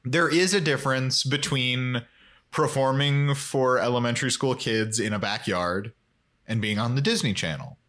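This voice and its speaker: A man's voice: medium pitch, moderate pace, a bit bright. A man co-hosting a podcast, recapping a show in casual chat with dry joking asides. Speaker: podcast co-host.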